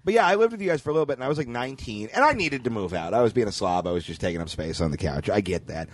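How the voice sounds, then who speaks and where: A young man co-hosting a comedy podcast, telling stories in casual chat with quick jokes. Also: lowish voice, dry recording. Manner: animated storyteller, quick jokes. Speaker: podcast co-host.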